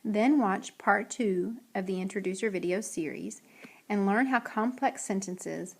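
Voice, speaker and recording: Woman teacher with a gravelly edge, mid pitch, walking kids through sentences slow and clear. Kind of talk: recorded classroom lesson.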